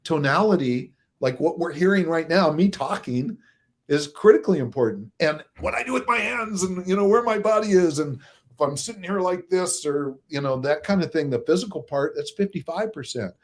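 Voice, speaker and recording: A man's voice: fairly high pitch, normal speed. Chuckling man explaining at an easy pace. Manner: chuckles often, acts out examples; steady, moderate pace by his own account. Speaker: relationship coach guest. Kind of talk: explanatory interview talk.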